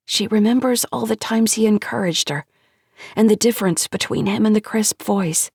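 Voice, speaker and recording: A woman narrating an audiobook in a measured, hushed storytelling manner on a close studio mic. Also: mid-range voice, gravelly, slightly rough, no room sound.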